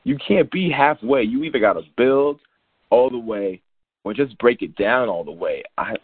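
A man's voice: medium pitch, expressive, moderate pace, breathy edge, dry recording. A man co-hosting a sports podcast, chatting casually with many restarts and fillers. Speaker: podcast co-host. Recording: tinny phone-like sound.

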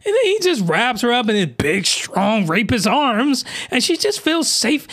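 A man hosting a podcast, delivering an excitable, slangy, rambling comedic rant full of mockery. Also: extremely high pitch, unhurried, few pauses, no echo. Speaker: podcast host reviewing anime.

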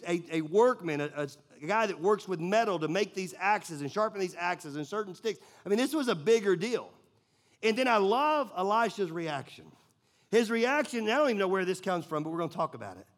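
A man's voice: high voice, animated, normal speed. A man preaching a sermon in a casual, conversational way, telling stories with lots of filler words. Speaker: pastor.

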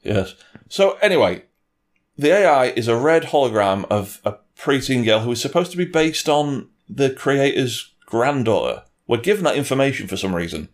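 A man chatting casually about films, his mid-pitched voice swinging up and down a great deal. He jokes sarcastically and keeps the talk lively as a co-host. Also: normal speed. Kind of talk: casual film review chat.

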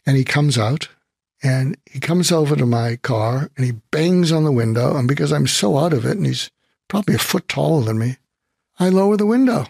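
Older male psychiatrist guest, gravelly husky voice, dry close sound, lively storyteller. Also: mid-range voice, brisk, dry recording. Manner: animated anecdote teller, acts out his own lines. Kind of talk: storytelling in interview.

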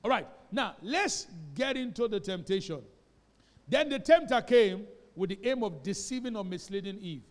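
A man's voice: high voice, animated, moderate pace. A man preaching a sermon, emphatic and calling on the congregation to repeat after him. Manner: emphatic, calls for congregation responses. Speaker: pastor. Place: church hall. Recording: reverberant church hall.

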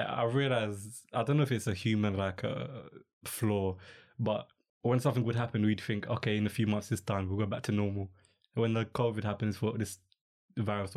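A young man talks on his podcast in a loose, rambling way, dropping slang and fillers as he goes. His voice sits a little low. It is easygoing, unscripted chat. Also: a little mellow. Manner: rambling, laid-back, peppered with slang and fillers. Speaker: podcast host. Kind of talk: casual chat.

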